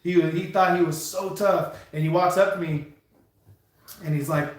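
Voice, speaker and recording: A man who drives trucks for a living, from California, rambling through an animated anecdote on a live stream with lots of restarts and chuckles. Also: sits high, moderate pace. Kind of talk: casual storytelling on a live stream. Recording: very echoey room.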